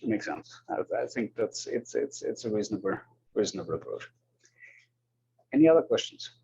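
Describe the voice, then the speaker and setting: A man's voice: lowish voice, lively intonation, normal speed, creaky, mellow, slight background noise. A man with an Austrian German accent, a university lecturer taking questions and calling the roll in class, hesitant and apologetic, often repeating words. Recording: dull lo-fi classroom recording.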